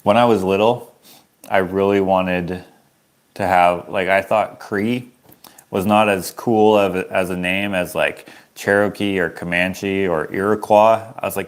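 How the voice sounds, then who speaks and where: A Canadian artist selling his prints chats with viewers on a relaxed livestream, rambling in an easygoing way and chuckling at himself. His voice sits on the low side and his pace is measured.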